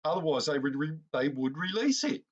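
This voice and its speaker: A man's voice: fairly high pitch, very animated, a little fast, lo-fi sound. A man hosting a political commentary vlog, ranting indignantly and calling his viewers folks. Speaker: political commentary channel host.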